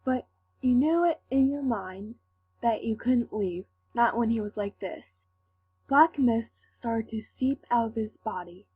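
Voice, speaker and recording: Slow-reading woman on a tinny line. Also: fairly high pitch, breathy edge. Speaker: fanfic reader. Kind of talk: reading fan fiction aloud. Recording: tinny lo-fi with faint hum.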